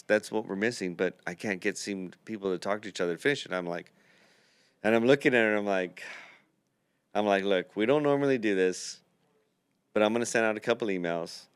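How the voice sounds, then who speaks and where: A man's voice: lowish voice, fairly bright tone, smooth, no room sound. A man hosting a podcast, telling a long rambling anecdote full of quoted dialogue in a casual chat. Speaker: podcast host, dental builder.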